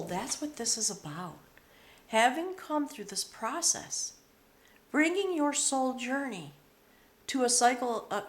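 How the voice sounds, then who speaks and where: A woman giving a spiritual tarot reading, speaking slowly and reverently, often overcome with emotion. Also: on the high side. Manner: slow, emotional, reverent, with pauses. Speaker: tarot reader. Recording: roomy echo.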